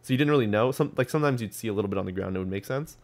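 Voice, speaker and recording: A young man hosts a podcast about gaming news in a fairly low voice, talking rapid-fire. His casual chat rambles, packed with ums and restarts.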